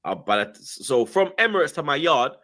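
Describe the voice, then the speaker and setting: A young man with a London accent tells an animated story, full of slang, acting out the voices of the people in it. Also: a little high, moderate pace. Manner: lively, slang-heavy, acts out quoted voices. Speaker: guest.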